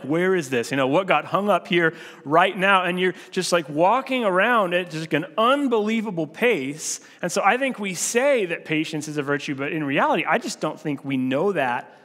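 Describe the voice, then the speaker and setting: A man's voice: high-pitched, fairly bright tone. Conversational man preaching in a reverberant hall. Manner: conversational, with filler restarts. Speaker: pastor. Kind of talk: sermon.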